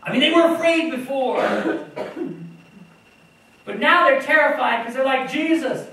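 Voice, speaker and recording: A woman preaching a sermon, telling the story in an animated way and acting out the voices of the people in it. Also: high-pitched, unhurried. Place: church hall. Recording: echoey room from far off, faint noise.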